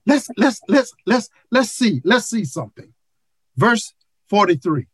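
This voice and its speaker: A seventy-year-old preacher gives a fervent sermon over a video call, speaking slowly and letting phrases repeat as the intensity climbs. The pitch swings widely from low murmurs to ringing high shouts. The sound is dry and close. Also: very animated, breathy edge, dry recording. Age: 70s.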